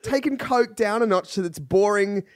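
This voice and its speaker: A man's voice: high voice, moderate pace, clean tone. A man co-hosting a casual comedy podcast, playful and self-deprecating, tossing in mock voices. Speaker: podcast co-host.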